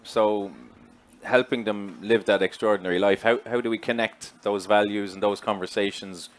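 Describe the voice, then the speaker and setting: A man's voice: lowish voice, steady tone, moderate pace. A man interviewing a guest on stage, reflective and agreeable, with frequent short affirmations.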